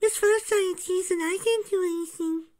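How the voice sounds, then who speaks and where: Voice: very high-pitched, steady tone, a little fast, darkish tone, pitched above the performer's own voice. A fan reader voicing a polite little rabbit girl in a storybook reading, speaking timidly. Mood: pleading. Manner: timid, pleading.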